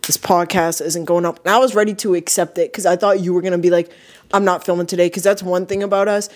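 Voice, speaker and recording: A man's voice: high-pitched, fast. A man co-hosting a casual podcast chat, telling stories with frequent laughs and free swearing. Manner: laughs often, swears freely, animated storytelling. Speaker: podcast co-host.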